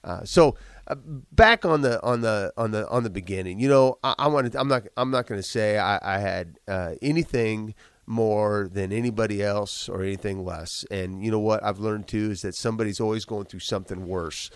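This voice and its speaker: Man, congested and a bit rough, low voice, earnest storytelling, dry close sound. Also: moderate pace, no echo. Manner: earnest, motivational storytelling with frequent restarts. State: congested, slight cough. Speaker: guest, business owner. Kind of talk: casual podcast chat.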